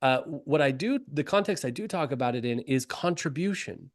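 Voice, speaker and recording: A man co-hosting a leadership podcast, speaking thoughtfully with frequent pauses and fillers. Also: mid-range voice, animated. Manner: thoughtful, measured, many fillers. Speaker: podcast co-host, leadership coach. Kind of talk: casual conversation.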